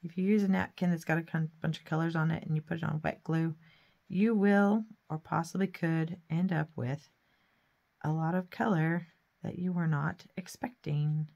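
A woman's voice: low-pitched, fairly even intonation, normal speed, gravelly, a little mellow, highs cut off. A woman hosting a craft video, chatting casually while she works, humming nonsense sounds and using folksy sayings. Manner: chatty, talks to herself while working, hums and sings nonsense sounds. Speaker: craft channel host. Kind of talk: casual craft tutorial chat.

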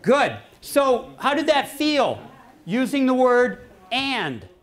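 A woman's voice: high-pitched, big pitch swings, takes it slowly. A woman leading a workshop lecture, explaining ideas with playful, jokey examples and questions to the class. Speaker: workshop instructor.

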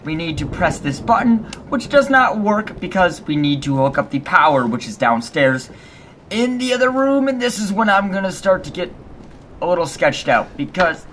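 A young man with a fairly high voice commentates casually on a horror game. He is jumpy and nervous, swears freely, and laughs between scares. Faint game ambience sits under his talk. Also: big pitch swings, moderate pace, a bit bright, a little hiss or hum. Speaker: let's play host.

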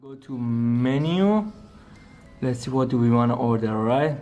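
A man's voice: medium pitch, moderate pace, a little mellow, faint music behind. A man filming a skit, talking to viewers in a jittery, spooked way. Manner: addressing viewers as guys, nervous and spooked. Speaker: video creator filming a skit. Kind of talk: scripted horror skit, talking to camera.

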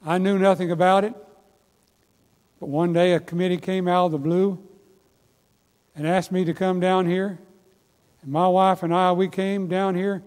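An older pastor preaches in a folksy, storytelling way and pushes toward fervent exhortation. His voice sits high for a man. The sermon rings through a church with a long, lingering reverb. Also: level tone, normal speed, pauses often, darkish tone. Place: church sanctuary.

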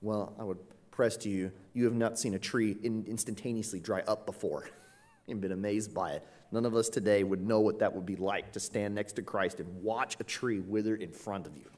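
Low-voiced man teaching a sermon. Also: moderate pace, darkish tone. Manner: conversational, frequent "uh" and "right?" tag questions. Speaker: pastor. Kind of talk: expository Bible teaching.

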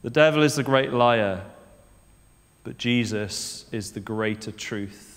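A male preacher delivers a sermon in a church, speaking slowly in a mid-range voice. His style is conversational, often posing rhetorical questions to the congregation, and the recording carries long church reverb.

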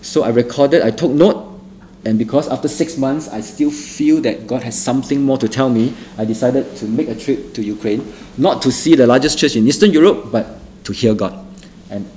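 A middle-aged man from Singapore, giving an earnest spoken testimony that repeats phrases for emphasis and restarts in halting bursts. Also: medium pitch, dark tone, a little hiss or hum. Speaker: testimony speaker.

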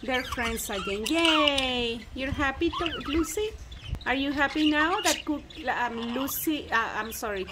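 A woman's voice: high voice, animated, a little slow, very noisy. A woman talking to her pet budgies in an outdoor aviary in a cooing, doting baby-talk voice. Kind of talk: casual chat with pets. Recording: loud bird chatter over the voice. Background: loud budgie chirping and squawking.

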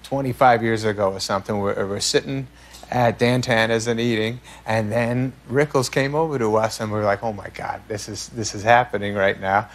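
A man's voice: fairly low pitch, moderate pace. Man telling funny stories, laughing. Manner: animated, laughing through stories, stammering restarts. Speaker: talk show guest. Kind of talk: comic anecdote telling.

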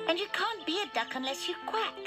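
A woman's voice: very high-pitched, expressive, a little fast, over loud music. A woman voicing a fretful little female duck in a children's cartoon, speaking in anxious questions. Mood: grateful. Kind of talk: children's TV voice acting.

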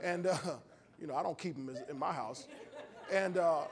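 A pastor preaching a sermon in church, folksy and lively, swinging from loud emphasis to low storytelling and laughing often. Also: male voice, moderate pace. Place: church sanctuary.

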